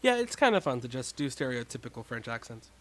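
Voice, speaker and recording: A man's voice: medium pitch, very animated, fast, fairly bright tone, slight background noise. A man streaming a story game, chatting offhand with laughing asides between reading lines. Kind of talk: casual chat while reading a game aloud.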